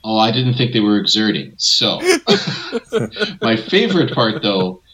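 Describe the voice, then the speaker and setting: A man co-hosting a casual movie review podcast, animated and mocking, laughing often as he talks. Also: mid-range voice, takes it slowly, low-quality recording. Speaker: podcast co-host.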